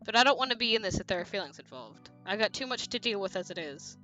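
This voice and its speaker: A woman's voice: medium pitch, animated, fast, bright, forceful tone, lo-fi sound, faint music behind, pitched below the performer's own voice. A woman reading the lines of an aloof lover breaking things off in a cool, dismissive way.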